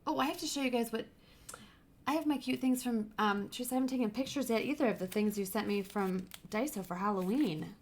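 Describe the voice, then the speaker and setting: A woman's voice: a little high, quick pace, a little mellow, slight background noise. A woman hosting a casual crafting livestream, gushing over stickers and sometimes dropping to a whisper. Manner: gushing, drops to whispers over cute items. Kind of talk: casual live chat, unboxing happy mail.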